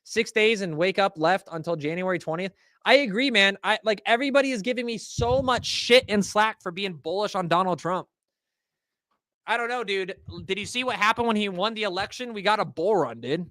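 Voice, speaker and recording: A man's voice: sits high, brisk, sharp tone, dry recording, studio quality. A man hosting a livestream, ranting casually and profanely to his chat in slangy talk. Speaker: host. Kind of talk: livestream market rant.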